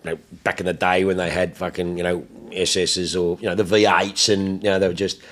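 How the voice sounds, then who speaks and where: A man's voice: low-pitched, little pitch movement, fairly quick, fairly bright tone. Swearing, rambling Australian man. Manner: profane, rambling, laughs through his stories. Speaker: podcast host. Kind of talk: casual chat.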